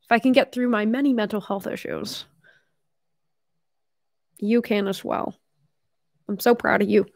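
A woman's voice: mid-range voice, fairly even intonation, unhurried, vocal fry, long pauses, no echo, clean studio sound. Chatty young woman streaming, tiring voice. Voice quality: chatty, lots of "like", casual swearing. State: voice tiring from long talking. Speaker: live streamer. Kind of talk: casual live stream chat.

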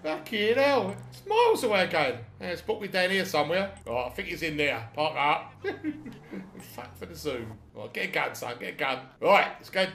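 A middle-aged British man narrates his video game play with a high, bright voice that swings widely in pitch. His tone has a gravelly edge, and he swears and laughs freely in a casual running commentary. He is recorded in an echoey room. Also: big pitch swings, moderate pace, slight background noise. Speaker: gamer playing through a video game.

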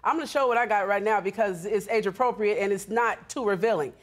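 A woman in her thirties testifying on a TV court show, telling her side in an animated, indignant way. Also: medium pitch, quick pace. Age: 30s. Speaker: litigant.

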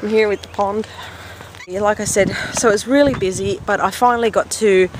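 A woman's voice: medium pitch, steady tone, normal speed. A woman vlogging casually while out on a walk by a pond, rambling and chatty with lots of fillers. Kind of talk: casual walking vlog. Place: outdoors by a pond while walking. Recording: noisy outdoor recording.

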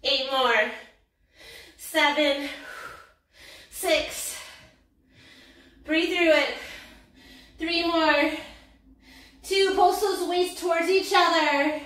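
High-voiced, breathless woman fitness instructor. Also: extremely slow, pauses often, a bit bright, very echoey, distant mic. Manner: upbeat, counting reps and cheering with whoops and laughs. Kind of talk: workout class cueing.

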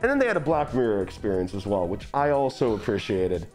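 A man's voice: fairly low pitch, very animated, fast, darkish tone, soft background music. A young man hosting a stream, chatting enthusiastically and rambling with lots of fillers. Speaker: streamer host. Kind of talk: casual stream chat.

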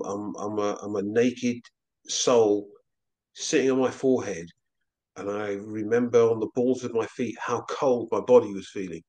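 A man, an interview guest, telling a personal story in a halting, earnest way with frequent restarts. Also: lowish voice, a little mellow. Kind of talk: recounting a personal experience in an interview.

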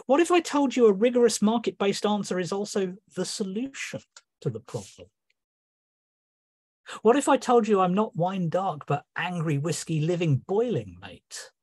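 A man's voice: sing-song, normal speed, a little mellow, husky, exaggerated voice. A man voicing the sea god Neptune, reading a poem in character with a raised, reproachful, questioning delivery over a video call from a room at home. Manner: questioning, reproachful, rising pitch.

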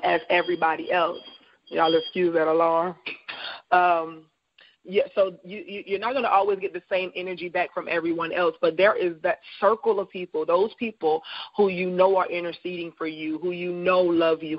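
A woman hosting a live faith talk show from her bed, speaking reflectively with pauses and fillers. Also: fairly low pitch, no echo, muffled recording. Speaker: host. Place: at home in bed.

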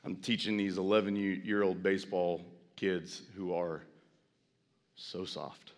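A middle-aged man preaching a sermon as pastor, folksy with self-deprecating asides, building to loud, impassioned preaching. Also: sits low, fairly even intonation, slow. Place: large church sanctuary. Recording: long church hall reverb.

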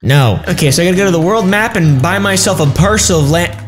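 A man's voice: high voice, lively intonation, quick pace. A young man giving casual, crude, joking commentary while playing a game, swearing often. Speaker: gaming YouTuber. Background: game music.

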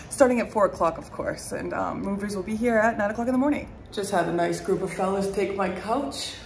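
A woman's voice: medium pitch, a little fast, slight background noise, rough recording. A young woman in her twenties talking casually to her phone camera in her apartment, candid and self-mocking, with lots of fillers. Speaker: vlogger. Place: her apartment in New York.

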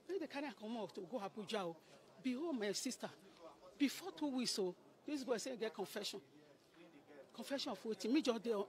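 Nigerian woman telling her story with animation. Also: on the high side. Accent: Nigerian Pidgin English. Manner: animated storytelling, acting out what others said. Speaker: person giving a testimony. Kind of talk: emotional spoken testimony.

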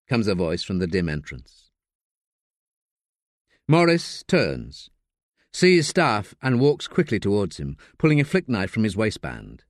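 Expressive male audiobook narrator. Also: lowish voice, a little slow, long pauses, dry recording, studio quality. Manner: expressive storytelling. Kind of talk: scripted narration.

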